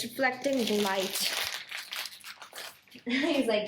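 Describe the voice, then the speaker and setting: High-voiced woman coaxing her pet parrot. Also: takes it slowly, pauses often, echoey room, noisy background. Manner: coaxing, cooing baby-talk with the bird, giggly. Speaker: parrot owner and vlogger. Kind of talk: casual vlog talking to a pet.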